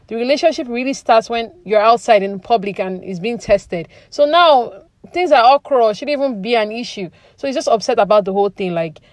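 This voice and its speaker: A woman's voice: mid-range voice, dry recording. A woman talks through the latest reality TV drama in a loose, chatty way, sprinkling her lines with fillers. Her voice sits in a middle register. It is recorded close and dry. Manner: chatty, opinionated, many fillers like "you know". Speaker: reality TV commentary vlogger. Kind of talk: casual recap commentary.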